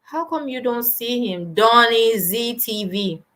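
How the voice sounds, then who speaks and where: A woman's voice: a little high, expressive, takes it slowly, fairly bright tone. A young woman hosting a live stream, chatting casually and animatedly while answering viewer comments.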